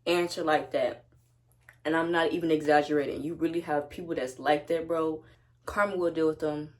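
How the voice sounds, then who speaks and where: Low-voiced young woman telling a blunt story. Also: steady tone, normal speed, a little mellow. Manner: blunt, profane, slangy. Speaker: vlogger. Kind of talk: casual storytime vlog. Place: at home with her dog.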